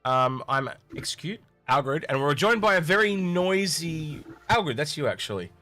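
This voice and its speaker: Man hosting a relaxed chat. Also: on the high side, normal speed, faint music behind. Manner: friendly, runs the conversation. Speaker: host. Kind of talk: casual podcast chat.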